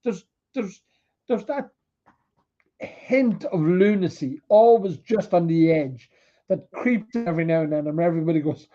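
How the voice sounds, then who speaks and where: Irish guy from the border, high voice, rambles and swears, dull lo-fi audio. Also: expressive, normal speed, dark tone. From Irish border region. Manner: rambling, restarting, swearing freely. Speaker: co-host. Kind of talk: late-night casual chat.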